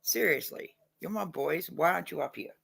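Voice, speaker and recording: A man's voice: fairly high pitch, normal speed, creaky, pushed and bright, slight background noise. A man chatting casually on a livestream, blunt and heavily profane, a little drunk and stoned. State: tipsy and stoned.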